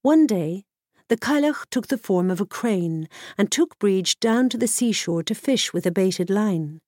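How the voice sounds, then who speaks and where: Woman narrator for a folktale audiobook, measured and expressive, dry close recording. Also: mid-range voice, no echo. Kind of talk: scripted storybook narration.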